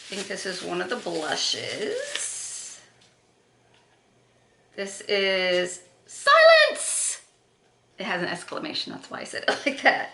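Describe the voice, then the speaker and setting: A woman's voice: mid-range voice, pushed and bright, slight background noise. A woman doing a casual makeup unboxing, chatty and gushing, with gasps and self-corrections. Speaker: beauty vlogger. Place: echoey room. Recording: roomy echo.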